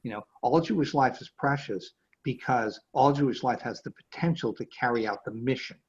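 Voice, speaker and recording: A rabbi gives an easygoing, conversational lecture, hesitating often with fillers and restarting his phrases. His medium-pitched voice is somewhat husky, and the video call audio comes through dull and lo-fi.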